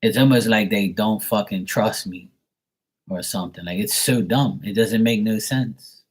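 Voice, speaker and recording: Middle-aged man, husky and lowish; casual venting monologue, exasperated and profane. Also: unhurried. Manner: exasperated rant with frequent swearing and fillers. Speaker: tarot reader.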